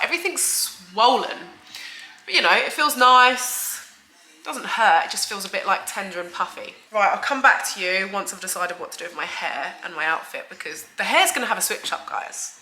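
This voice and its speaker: A woman talks straight to camera from her home in a casual, effusive vlog style, dropping in lots of "like" and "guys". Her voice is bright and forward, and it sounds a little stuffy, as if she has a cold coming on. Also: medium pitch, expressive, fairly quick, a little hiss or hum, poor audio. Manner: chatty and effusive, frequent "like" and "guys". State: slightly stuffy, bunged up. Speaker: beauty vlogger. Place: at home, indoors.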